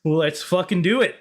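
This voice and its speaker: A man's voice: high voice, creaky, husky. A man casually streaming a reaction, joking and laughing, and given to trying out silly voices.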